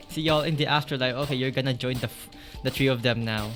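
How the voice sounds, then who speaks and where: A man streaming a video game live, chatting casually with his viewers and reacting out loud to what happens on screen, from a home setup on a desk mic. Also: medium pitch. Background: game music.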